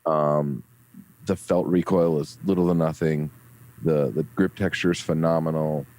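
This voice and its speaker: A man's voice: extremely low pitch, steady tone, a little slow, darkish tone, no room sound. A man chatting casually as a podcast guest, enthusiastic and rambling with plenty of fillers. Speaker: guest reporting from a trade show.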